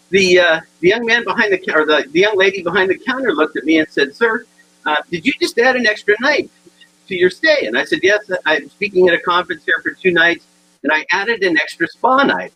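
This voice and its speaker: A man in his sixties giving a humorous motivational talk, animated and acting out the people in his stories. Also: high voice, poor audio. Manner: animated storyteller acting out dialogue. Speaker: keynote speaker.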